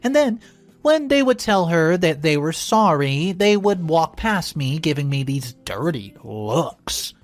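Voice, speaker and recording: A man narrating a first-person story aloud in an expressive, animated way. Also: on the high side, measured pace, soft background music.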